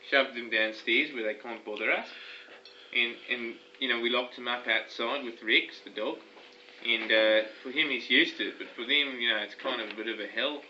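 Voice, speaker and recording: A man in an improvised comedy skit, loud and stammering, repeating his words, recorded on a home video camera. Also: medium pitch, muffled recording, a little hiss or hum.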